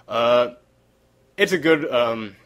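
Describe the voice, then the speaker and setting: A man's voice: mid-range voice, expressive, slow pace, a bit bright. Man, podcast host, casual chat, tired sore voice, rambling. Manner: rambling, hunts for words. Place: hot room without air conditioning.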